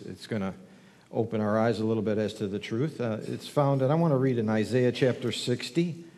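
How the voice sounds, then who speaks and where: A man's voice: medium pitch, a little mellow. A man preaching as a guest pastor, telling folksy jokes and building up to fervent appeals. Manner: folksy, joking, then rising in fervor. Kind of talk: sermon with jokes. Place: church sanctuary. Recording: long church reverb.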